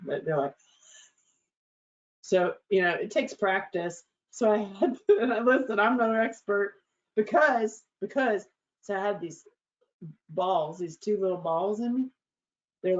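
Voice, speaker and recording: A middle-aged woman hosts her own show and tells a story in a loose, candid monologue. She swears freely, laughs often and acts out what people said. The recording sounds a bit dull and lo-fi. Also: fairly low pitch. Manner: frank and profane, laughing often, acting out quotes. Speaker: show host.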